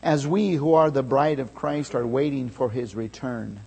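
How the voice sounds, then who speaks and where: A man preaching a sermon, telling a story with loud shouted calls at its peak. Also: medium pitch, moderate pace, breathy edge. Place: church sanctuary. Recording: long reverb of a large hall.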